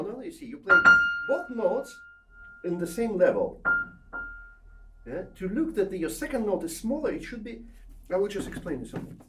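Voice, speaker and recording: Animated male piano teacher, far off in a roomy hall. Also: high voice. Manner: coaxing, checks in with 'yeah?' and 'eh?' often, sings phrases to show them. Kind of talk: masterclass teaching. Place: recital hall or studio with a piano.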